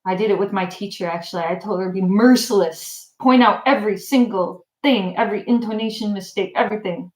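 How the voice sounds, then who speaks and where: A woman from Michigan chatting casually on a livestream, animated and laughing often as she answers viewer comments. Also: medium pitch, a little fast, few pauses, echoey room, low-quality recording. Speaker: language YouTuber.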